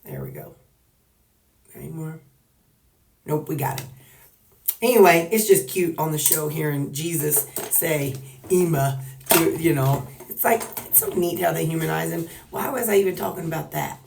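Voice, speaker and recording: A folksy woman with a Southern drawl, talking in a low-pitched voice. She jokes and rambles casually to her phone camera. The sound is roomy and picked up from a few feet away. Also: normal speed, vocal fry, long pauses, a little mellow, recorded from a distance, a little hiss or hum. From Missouri. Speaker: weight-loss vlogger.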